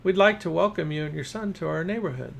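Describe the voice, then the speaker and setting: A man's voice: on the high side, lively intonation, quick pace, gravelly, slight background noise, pitched above the performer's own voice. A man voicing a chatty, curious young girl who keeps asking questions. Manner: eager, questioning.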